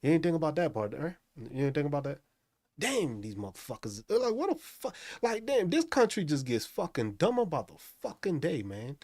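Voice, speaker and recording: A man rants angrily into the mic, swearing constantly and mocking the people he talks about. His voice sits a little high and swings widely up and down. The sound is dry and close, with no room echo. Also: very animated, a little fast, darkish tone. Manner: angry, profane, mocking. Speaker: host. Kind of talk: profane ranting commentary.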